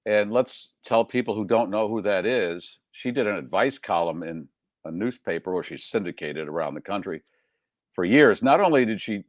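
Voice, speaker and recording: A man's voice: lowish voice, lively intonation, moderate pace, dry recording, clean studio sound. A man hosting a casual live show, joking around and reading out listener check-ins. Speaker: host.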